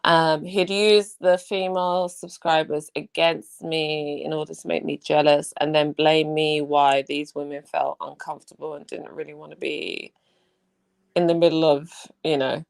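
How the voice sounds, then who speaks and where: A woman's voice: deep voice, level tone, moderate pace, vocal fry, smooth. A woman with a South London accent in a blunt, profane casual chat, mimicking others as she talks. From England. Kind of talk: casual live-stream chat.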